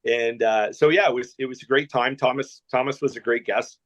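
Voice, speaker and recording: A man from Canada is telling a long, rambling story as a guest. His delivery is animated and full of restarts, and his voice sits in a middle pitch. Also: brisk, muffled recording. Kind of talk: storytelling anecdote.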